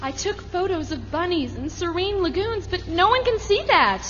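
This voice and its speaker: A woman's voice: very high voice, expressive, moderate pace, in a large hall, lo-fi sound. An actress playing an emotional, defensive young woman in a radio drama. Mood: shaken. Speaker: lead character, young woman.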